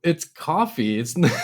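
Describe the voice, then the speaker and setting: A young man co-hosting a podcast, joking and teasing in casual chat and laughing often. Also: on the high side. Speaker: podcast co-host.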